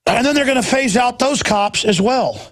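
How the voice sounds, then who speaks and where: Middle-aged man, talk radio host, indignant and emphatic, high voice, dry studio sound. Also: animated, normal speed, fairly bright tone, dry recording. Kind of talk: heated broadcast monologue.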